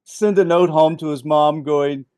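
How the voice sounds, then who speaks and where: Man, co-host, casual study chat, brief agreeing replies, slightly high pitch. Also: fairly even intonation, measured pace, mellow, clean tone.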